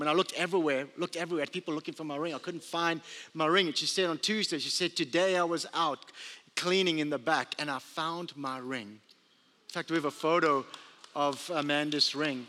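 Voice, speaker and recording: A man pastor preaching a sermon, telling stories and acting out the quotes with animation. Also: on the high side. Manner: storytelling, animated with acted-out quotes. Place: church sanctuary. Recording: long reverb of a large hall.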